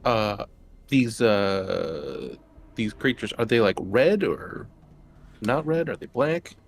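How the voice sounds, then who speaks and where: Man, tabletop game player, low voice, slow laid-back talk, faint noise. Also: lively intonation. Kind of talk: casual tabletop game play.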